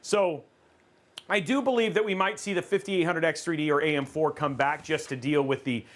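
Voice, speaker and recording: A man hosting a casual livestream, rambling and excitable, joking about himself. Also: on the high side, normal speed. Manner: excitable, rambling, self-mocking. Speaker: livestream host.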